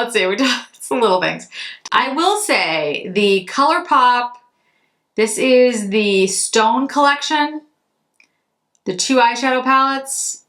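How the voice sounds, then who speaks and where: A woman with a slightly high, fairly bright voice chats casually while going through products. She's a Massachusetts beauty vlogger whose talk is chatty and a little rambling, with some self-correction.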